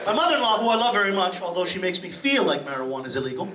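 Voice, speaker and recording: A man's voice: high-pitched, big pitch swings, rapid-fire. Man, middle-aged, from Massachusetts, stand-up comic, profane, echoey club, noisy crowd. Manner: brash, profane, rowdy crowd work. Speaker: stand-up comedian. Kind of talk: stand-up comedy set. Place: comedy club stage. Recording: distant, roomy club recording with loud crowd noise. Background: audience laughing and applauding.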